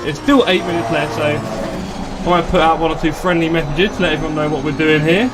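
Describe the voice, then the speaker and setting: A man's voice: a little high, fairly even intonation, fairly quick, noisy background. A man chatting casually and joking at his own expense while live-streaming a sim race. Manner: chatty, joking, self-deprecating. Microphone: desktop streaming mic.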